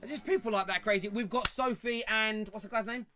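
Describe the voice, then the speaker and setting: A man's voice: high-pitched, crowd noise. A man hosting a live football fan phone-in show, joking and mocking a troll caller. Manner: lively, quick to mock callers. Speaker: host.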